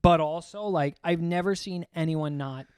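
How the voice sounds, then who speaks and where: Young man, casual joking podcast chat, smooth voice, close dry sound. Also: on the high side, moderate pace, a little mellow, no room sound. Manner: loose, joking, swears casually. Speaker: podcast co-host.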